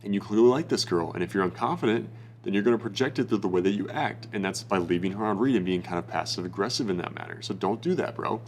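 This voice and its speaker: A man's voice: lowish voice, quick pace, a little hiss or hum. Blunt, foul-mouthed young male dating coach. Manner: blunt, profane, bro-ish. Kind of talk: casual advice monologue.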